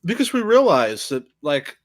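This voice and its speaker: A young man riffing casually on a video with a co-host, excitable and swearing, repeating words as he goes. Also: a little high, normal speed.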